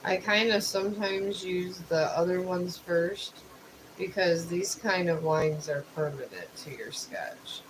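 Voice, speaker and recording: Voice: medium pitch, a little slow. A live streamer chatting casually while painting, thinking aloud and explaining the art supplies step by step. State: just woke up. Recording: steady background noise.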